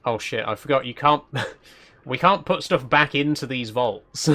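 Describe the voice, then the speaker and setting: A man's voice: medium pitch, unhurried, pushed and bright. Chatty man with mild Yorkshire accent. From South Yorkshire, England. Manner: chatty, thinking aloud. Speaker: streamer. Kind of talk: casual live-stream commentary while playing.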